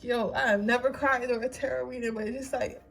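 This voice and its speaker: A woman's voice: on the high side, fairly even intonation, fast talker, gravelly. A young woman doing a casual tarot reading, giving a slangy, swearing pep talk while crying. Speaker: tarot reader.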